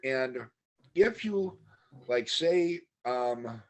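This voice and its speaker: A man's voice: mid-range voice, expressive, extremely slow. A middle-aged man telling stories in a casual podcast chat, rambling, laughing often and acting out what others said. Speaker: podcast guest.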